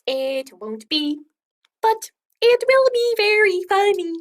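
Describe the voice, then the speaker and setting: Sing-song storybook creature, high and teasing, voiced by a woman. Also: big pitch swings, takes it slowly, full character voice.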